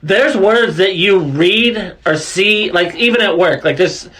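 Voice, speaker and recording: A man's voice: high voice, a little slow, pushed and bright. A young man co-hosting a crude, casual podcast, rambling with lots of fillers and laughing at his own jokes. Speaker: podcast co-host.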